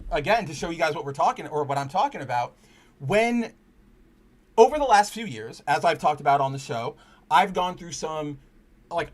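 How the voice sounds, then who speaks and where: A man hosting a casual comic book chat stream, rambling with frequent restarts, cursing freely and speaking candidly about personal matters. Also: high-pitched. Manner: earnest and candid when personal. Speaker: podcast host.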